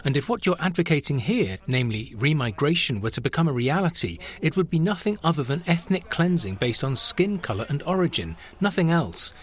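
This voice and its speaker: Man, interpreter voice-over, emphatic, lively high-ish pitch. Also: brisk, few pauses. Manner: emphatic, insistent. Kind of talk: translated speech voice-over.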